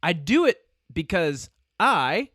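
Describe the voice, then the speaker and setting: A man's voice: fairly high pitch, takes it slowly, no echo, clean studio sound. A man co-hosting a podcast in casual chat, telling stories with lots of laughter and acted-out quotes. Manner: animated storyteller, laughs often, acts out quotes. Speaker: podcast co-host.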